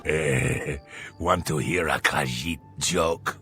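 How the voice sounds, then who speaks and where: Deep gravelly cat-folk game merchant, slow drawl, music behind. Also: male voice, pushed and bright, exaggerated voice. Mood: joking. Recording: game audio clip with music.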